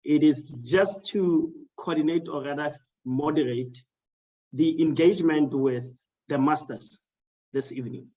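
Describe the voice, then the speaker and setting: A man moderates an online panel over a video call, speaking in a measured, formal way. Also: fairly high pitch, dark tone, highs cut off.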